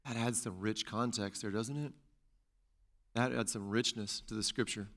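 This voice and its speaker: A pastor delivering a sermon with animated, conversational delivery, repeating phrases for emphasis and dropping in casual asides. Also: male voice, fairly low pitch, moderate pace.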